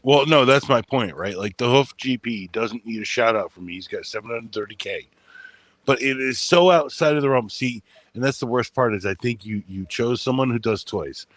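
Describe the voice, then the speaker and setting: A man's voice: mid-range voice, normal speed, a bit bright, dry recording. Rambling, self-mocking male podcast host. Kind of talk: casual chat.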